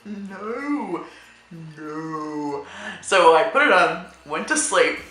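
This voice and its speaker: A woman's voice: on the low side, expressive, drawn-out words, fairly bright tone. A young woman telling a casual storytime to camera, laughing through lines, swearing, and saying "like" a lot. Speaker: vlogger. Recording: echoey room with faint music.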